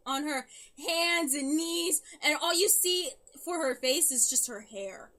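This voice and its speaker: Casting: high, bright woman co-host, slow and giggly. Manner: giggly, halting, with restarts. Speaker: podcast co-host. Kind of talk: casual chat.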